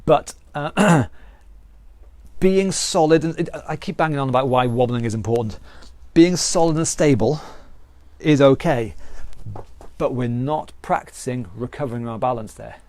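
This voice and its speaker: A man's voice: mid-range voice, darkish tone, no echo. Earnest British male fitness instructor. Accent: British English. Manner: earnest, repetitive explaining with restarts. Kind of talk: live online exercise class talk.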